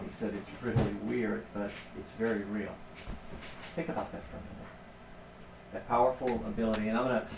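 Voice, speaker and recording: A man preaching a sermon in a conversational, animated storytelling way. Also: mid-range voice, a little hiss or hum. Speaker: pastor. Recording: roomy sound from a distance.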